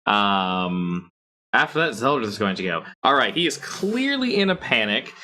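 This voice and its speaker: A man narrating as game master of a tabletop game, describing scenes haltingly with many pauses and restarts. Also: fairly low pitch, very animated, bright, forceful tone.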